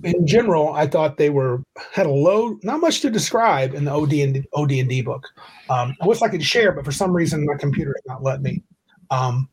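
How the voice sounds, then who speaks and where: A man's voice: fairly high pitch, darkish tone, husky. A man hosting a casual tabletop game podcast over a video call, rambling and correcting himself as he reads rules aloud. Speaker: podcast host.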